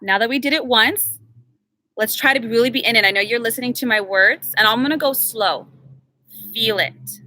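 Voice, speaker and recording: A woman energy healer leading a live group workshop, chatty and encouraging with the group, slowing to a measured invocation when she leads the prayer. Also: mid-range voice, bright, forceful tone, dry recording, clean studio sound. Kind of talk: live workshop teaching and guided meditation.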